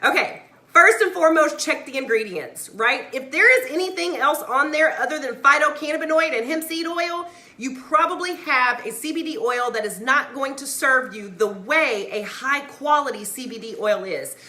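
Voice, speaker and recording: A high-pitched, bright woman ranting to her live-stream viewers. She is fired up and emphatic, and she keeps checking in with "right?" and "okay?" Her voice bounces around an echoey room. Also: lively intonation, normal speed. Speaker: mother; CBD oil seller vlogger. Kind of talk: live-stream rant to viewers, reading comments.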